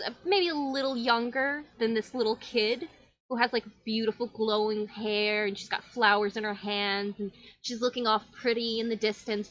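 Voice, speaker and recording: A woman's voice: medium pitch, fairly bright tone, dry recording, muffled recording. A woman narrating a tabletop game as game master, in flowing, descriptive storytelling.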